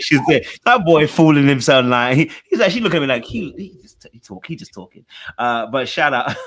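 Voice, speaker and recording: A man's voice: lowish voice, sharp tone. A man hosting a casual online talk show, welcoming guests with a loose, drawling patter full of "you know what I mean.". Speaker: podcast host. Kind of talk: casual chat.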